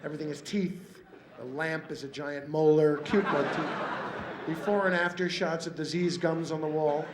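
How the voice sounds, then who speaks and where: A man's voice: on the high side, fairly even intonation, normal speed. A man in his thirties doing an observational stand-up routine, wry, building bits out of mimicked sounds and voices. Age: 30s. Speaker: stand-up comedian. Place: comedy stage before a live audience. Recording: roomy hall with loud crowd and noise.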